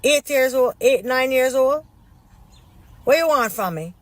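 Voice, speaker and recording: Jamaican woman, profane patois rant, bit high, no room echo. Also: lively intonation, a little slow. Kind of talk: social media clip.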